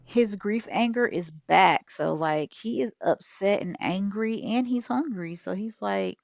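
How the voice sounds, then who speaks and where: A woman's voice: medium pitch, unhurried, gravelly, dry recording. Chatty woman narrating a life-sim game. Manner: chatty, retelling the game's events. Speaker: gaming YouTuber. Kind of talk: casual gameplay commentary.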